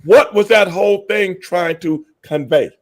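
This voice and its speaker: Podcast co-host, male, pitched a bit high, forceful, repeats himself, swears freely. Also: a little slow. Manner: emphatic, profane, repeats points. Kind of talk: casual podcast debate.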